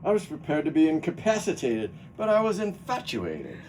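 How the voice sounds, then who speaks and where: A man reading the part of a polite, reserved gentleman who keeps apologizing, at a play rehearsal. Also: fairly high pitch, wildly swooping pitch, normal speed, slight background noise, rough recording. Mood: wry. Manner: dry, formal, self-effacing. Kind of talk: rehearsal read-through.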